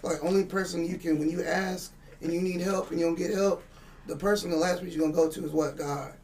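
A man's voice: high-pitched, fairly even intonation, fast talker, darkish tone, distant mic, slight background noise. Rambling, swearing man telling a story. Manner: rambling, profane, retells dialogue in quotes. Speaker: guest. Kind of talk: casual storytelling.

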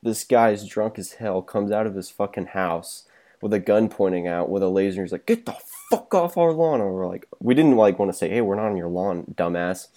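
A man's voice: low voice, fairly even intonation, a little fast, mellow. A young man in casual podcast chat, rambling through a story with lots of swearing and laughter. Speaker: podcast co-host.

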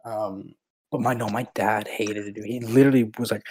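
Young male co-host, blunt jokester, relaxed podcast chat. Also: medium pitch, normal speed, husky. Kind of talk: casual chat.

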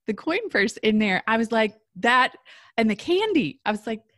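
A woman's voice: a little high, sing-song, normal speed, a bit bright, no echo, studio quality. A woman hosting an interview podcast, talking in a reflective, affirming way and asking open questions. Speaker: podcast host. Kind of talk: interview conversation.

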